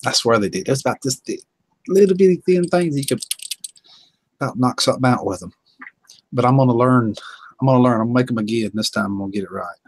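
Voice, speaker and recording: A man's voice: mid-range voice, animated, fast, long pauses, husky, dry recording, rough recording. A man from North Carolina with a Southern accent, hosting a casual live-stream chat in a folksy, drawling way and reading viewers' comments aloud.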